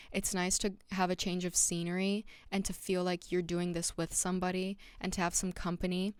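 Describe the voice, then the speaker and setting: A woman's voice: lowish voice, clean tone, dry recording, clean studio sound. A young woman hosting her own podcast, talking casually and candidly to the listener, with lots of "like" and "um" and frequent restarts. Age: young adult. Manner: candid and reflective. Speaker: podcast host. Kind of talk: casual solo podcast monologue.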